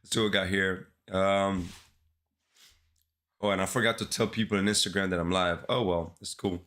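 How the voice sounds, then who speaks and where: A man's voice: low voice, steady tone, normal speed, fairly bright tone. A man with a congested, sick-sounding voice chatting casually to his livestream viewers in laid-back slang. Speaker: live-streaming developer.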